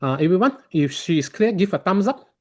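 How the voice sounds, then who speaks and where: A man chairing an online speaking club meeting, polite and halting, with non-native phrasing, over a video call. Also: sits high, very animated.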